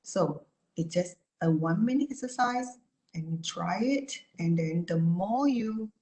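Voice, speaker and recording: A woman therapist giving an online talk and answering questions, speaking calmly and repetitively with many "you know" and "right?" asides. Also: lowish voice, a little slow, reverberant.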